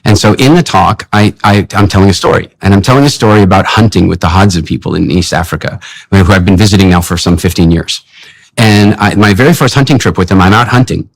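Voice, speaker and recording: Fast-talking, low-voiced male guest. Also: gravelly, no echo, poor audio. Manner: animated, acts out his own dialogue in anecdotes. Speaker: guest speaker. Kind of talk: conversational storytelling.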